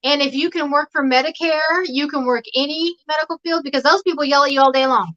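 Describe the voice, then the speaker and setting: A woman's voice: high voice, steady tone, fast talker, fairly bright tone. A woman talking casually as a guest on a home livestream, rambling and laughing often over a video call. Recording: dull lo-fi stream audio.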